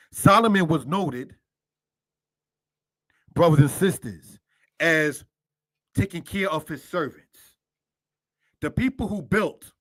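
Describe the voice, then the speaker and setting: A man's voice: fairly high pitch, fairly bright tone, dry recording. A man teaching a scripture lesson in a preacherly way, walking through Hebrew words one at a time and asking his listeners rhetorical questions. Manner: preacherly, asks many rhetorical questions, addresses listeners as brothers and sisters; spells out Hebrew words line by line. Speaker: Torah teacher.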